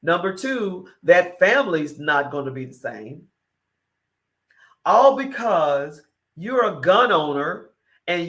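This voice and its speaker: Here a woman with a fairly low pitch runs a morning talk show, giving an opinion-driven monologue that keeps hammering its points and leans heavily on rhetorical questions.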